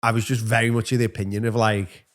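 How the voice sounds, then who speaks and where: A man's voice: lowish voice, level tone, fast talker. A man co-hosting a podcast, talking reflectively in a rambling way with many fillers. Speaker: podcast co-host. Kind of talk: casual chat.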